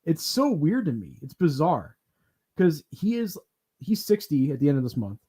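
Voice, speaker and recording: This man has a voice set a little higher than most. He hosts a podcast in loose, casual chat, and he tells stories with plenty of energy, breaking into laughter and swearing freely. He acts out other people's lines as part of the telling. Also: moderate pace, breathy edge. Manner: animated storyteller who acts out quotes, laughs and swears often. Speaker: podcast host.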